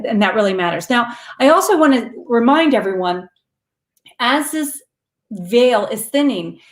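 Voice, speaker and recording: A woman's voice: medium pitch, reverberant. A woman hosting a spiritual live stream, chatting with viewers in an earnest, rambling way and laughing often.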